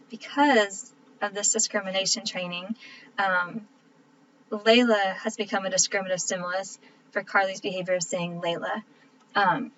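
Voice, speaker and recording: A woman's voice: medium pitch, a bit bright. Casual woman lecturer, thirties, chatty with ums, lo-fi recording with a faint hiss. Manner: casual, explanatory, frequent ums. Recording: dull lo-fi recording with faint background noise.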